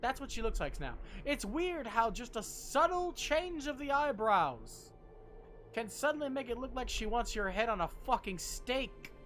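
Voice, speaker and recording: Streamer, casual gameplay commentary, jokey and foul-mouthed, pitch swinging widely, faint game music underneath. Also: sing-song, measured pace, a bit bright. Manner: joking, profane, self-deprecating.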